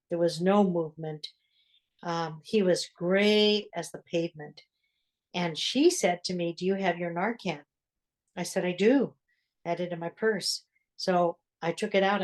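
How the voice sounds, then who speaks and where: An older woman, a religious sister, telling her story in an interview in an earnest way, with reflective pauses. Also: lowish voice, darkish tone. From United States.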